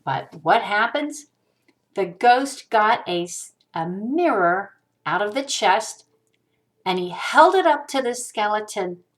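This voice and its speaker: A woman reading a picture book aloud to a child, animated, with sung-out hiccup sounds, on a webcam mic. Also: medium pitch, slow. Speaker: storyteller.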